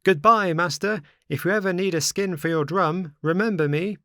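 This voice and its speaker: A man's voice: fairly high pitch, lively intonation, normal speed, no echo, studio quality, voice pushed up. A man voicing a cheeky, boastful wooden puppet boy with a playful, mocking, sing-song manner. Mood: taunting.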